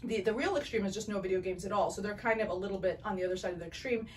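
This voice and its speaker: A woman eye doctor hosts a casual podcast and rambles from point to point. She is quick to laugh. Her voice sits slightly back from the mic, with a faint hiss of noise underneath. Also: mid-range voice, distant mic, poor audio. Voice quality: chatty, digressive, quick to laugh.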